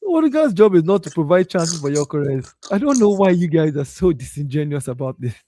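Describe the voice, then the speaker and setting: A man's voice: fairly high pitch, big pitch swings, brisk, mellow, slight background noise. A man arguing his point in a heated football debate, insistent and repeating himself when cut off. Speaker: co-host of a football talk stream.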